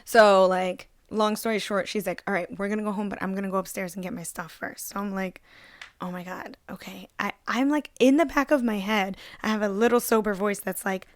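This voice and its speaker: A woman's voice: medium pitch, a little fast, hardly any pauses, no echo. Chatty young woman telling a story, dry sound. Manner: animated, lots of "like" fillers, acts out voices in the story. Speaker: podcast co-host. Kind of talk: casual storytelling chat.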